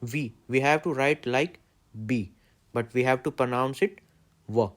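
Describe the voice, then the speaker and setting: A man's voice: mid-range voice, a little slow. A man, a Hindi native speaker, teaching letters in plain step-by-step explanations. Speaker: language teacher. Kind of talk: alphabet lesson.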